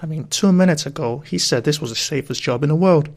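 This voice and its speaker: A swaggering Cockney gangster, as a man puts him on rasps out his lines in a gravelly, throaty voice, mouth wide open. He pushes slightly higher and louder than an ordinary speaking voice, all tough-guy bluster. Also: fast talker.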